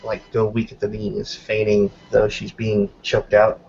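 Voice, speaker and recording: A man's voice: fairly low pitch, monotone, unhurried, creaky, a little mellow, soft background music. Hesitant man narrating a tabletop game. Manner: hesitant, many fillers and hedges. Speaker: player. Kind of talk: tabletop role-play narration. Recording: dull lo-fi with faint noise.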